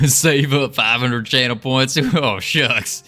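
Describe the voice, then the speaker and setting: A man's voice: medium pitch, takes it slowly, sharp tone, faint music behind. A man putting on a jokey Southern US accent as a folksy cowboy streamer, drawling and chuckling at himself. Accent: put-on Southern US.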